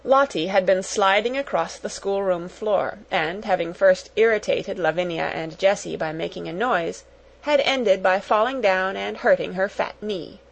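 A woman narrating a children's storybook aloud in a measured, even-paced way. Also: mid-range voice, vocal fry, rough recording. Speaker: audiobook narrator. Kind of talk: storybook reading.

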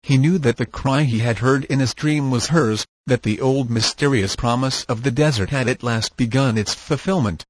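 A man narrating an audiobook in a steady, measured reading voice. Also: mid-range voice, dry recording.

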